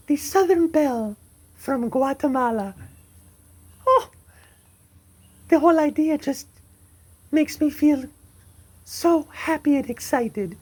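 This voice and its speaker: Woman acting a melodramatic belle, high voice, slow delivery, amateur audio drama. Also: a little mellow, poor audio. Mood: gushing. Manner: flouncy, melodramatic, sugary. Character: theatrical, gushing would-be Southern belle woman.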